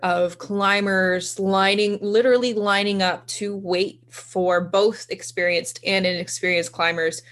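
A woman's voice: medium pitch, steady tone, measured pace, few pauses, a bit bright. A woman in her thirties co-hosting a podcast, chatting casually and laughing easily. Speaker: podcast co-host.

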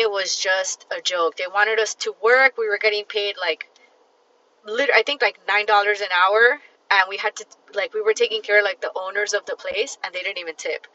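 A woman hosts a casual solo podcast, tired but blunt and emphatic, swearing freely as she talks straight to the listener. Her voice is bright and forceful. The recording sounds dull and lo-fi. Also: medium pitch. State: tired and fatigued. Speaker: podcast host.

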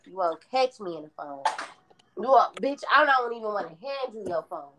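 A woman in casual chat with a friend, blunt and animated, acting out the lines she quotes. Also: mid-range voice, normal speed, slight background noise.

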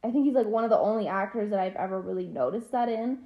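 A woman's voice: mid-range voice, fast talker, dull audio. A young woman in her twenties from Kentucky, co-hosting a podcast in chatty, candid talk with frequent laughter. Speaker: podcast co-host. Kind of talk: casual chat.

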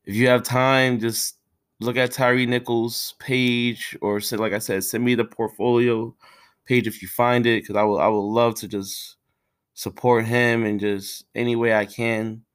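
A tearful man talks alone on his podcast from his own room. His speech is halting and full of heavy sighs and restarts, and he uses casual street slang. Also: on the low side, flat delivery, smooth. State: tearful, has been crying. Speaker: podcast host. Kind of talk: casual solo podcast talk.

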